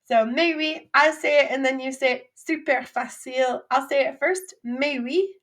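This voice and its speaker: A woman teaching a recorded French vocabulary lesson, drilling phrases with clear, upbeat repeat-after-me prompts. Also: high-pitched, fairly even intonation, normal speed, fairly bright tone.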